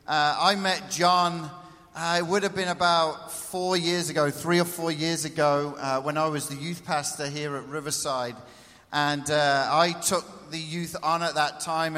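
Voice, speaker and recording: Man, church event host, high-ish voice, lively crowd hype, halting fillers, reverberant hall. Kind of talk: stage introduction. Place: large worship hall.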